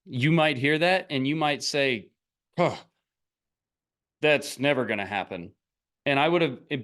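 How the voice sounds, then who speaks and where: A man's voice: a little high, fairly bright tone. A middle-aged man coaching on online business in a blunt, rambling, casual motivational talk, often breaking into laughs.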